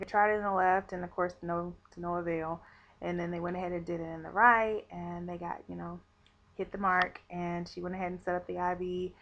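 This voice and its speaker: A woman vlogger telling a personal story to camera in a chatty way, with many fillers. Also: on the low side. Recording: dull lo-fi webcam audio.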